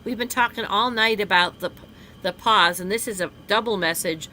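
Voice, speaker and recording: A middle-aged woman gives a casual live card reading. Her voice is bright and forward, and she stretches out key phrases slowly for emphasis. A faint hiss sits behind her. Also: mid-range voice. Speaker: card reader co-host.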